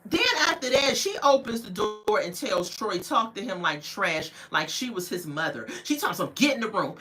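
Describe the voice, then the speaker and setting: A woman recapping a reality TV episode as a casual, outspoken commentator. She tells the story in an animated, gossipy way and judges the people in it bluntly. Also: medium pitch, normal speed, over music. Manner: outspoken and judgmental. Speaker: TV show reviewer.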